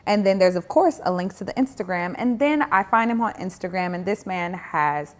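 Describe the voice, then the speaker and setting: A young adult woman telling a dating story in a casual vlog, animated and sarcastic with emphatic asides. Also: mid-range voice, normal speed, a little hiss or hum.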